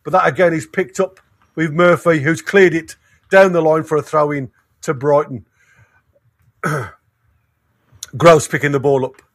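Excitable high-voiced fan commentator. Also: male voice, no echo, clean studio sound. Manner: excitable, rapid, restarts sentences. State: losing his voice. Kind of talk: partisan live match commentary.

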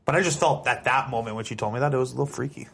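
A man hosting a casual podcast chat, spinning a personal story with lively asides. His voice sits at an ordinary middle pitch. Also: very fast, vocal fry. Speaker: podcast host.

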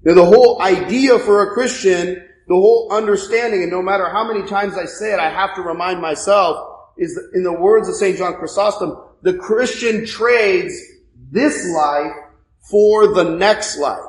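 A man's voice: sits high, moderate pace, roomy sound, rough recording. A male priest giving a sermon in a conversational way, asking rhetorical questions.

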